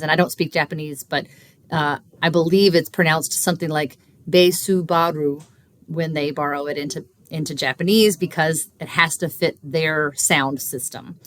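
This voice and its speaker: A woman researcher explaining language in an interview, measured and teacherly, with frequent fillers. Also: low-pitched. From Kentucky. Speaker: linguistics researcher guest.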